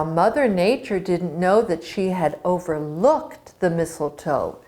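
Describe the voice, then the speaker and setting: A woman storyteller telling a myth to children in a slow, expressive way. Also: on the low side.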